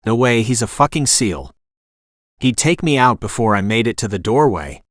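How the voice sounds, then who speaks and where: A man's voice: mid-range voice, sing-song, normal speed, no echo, studio quality, natural voice. Cornered violent male captor, read by an AI narrator, harsh and profane. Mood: threatening. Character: desperate cornered male sketch artist, vicious.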